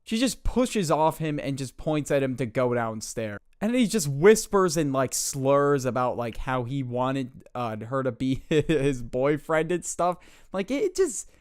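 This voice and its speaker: A man's voice: mid-range voice, sing-song, unhurried, hardly any pauses, smooth, no room sound, clean studio sound. A young man casually retelling a viewer's story in slangy, filler-heavy talk. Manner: slangy, fillers like "like" and "bro", loose and chatty.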